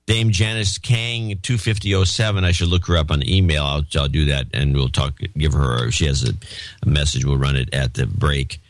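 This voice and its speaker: A man hosting a casual talk show, reading out listener donations in a dry, wry, deadpan way. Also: extremely low pitch, moderate pace, no room sound. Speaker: podcast host.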